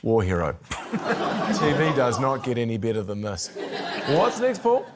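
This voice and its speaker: A middle-aged man with a New Zealand accent, hosting a TV game show with dry, mock-grand, deadpan comic links. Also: medium pitch, unhurried, over a noisy crowd. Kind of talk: scripted comic links to the break. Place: TV studio with live audience. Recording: loud studio audience and room noise.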